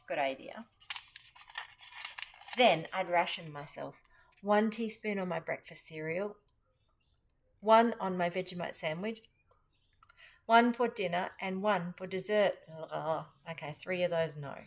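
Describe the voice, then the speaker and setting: A woman with an Australian accent reading a children's chapter book aloud with expressive, animated storytelling. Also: on the low side.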